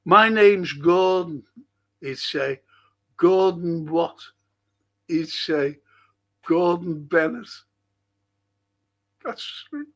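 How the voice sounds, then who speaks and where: A man's voice: sits high, very slow, pauses often, a bit bright. An older man with a Liverpool accent hosting a livestream, chatting casually, reading out viewers' messages and telling stories with swearing and laughter. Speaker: livestream host reading chat. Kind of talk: casual chat.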